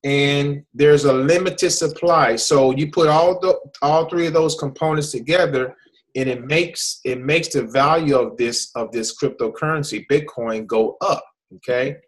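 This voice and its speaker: Over a poor-quality recording, a US host with a voice on the high side talks a bit slowly in a casual hangout presentation. He often restarts his sentences and repeatedly asks "okay?"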